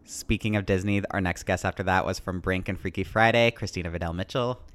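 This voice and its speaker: A man's voice: sits low, fairly quick, fairly bright tone. A man co-hosting a podcast, chatting casually in an upbeat, playful way. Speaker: podcast co-host. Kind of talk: casual chat.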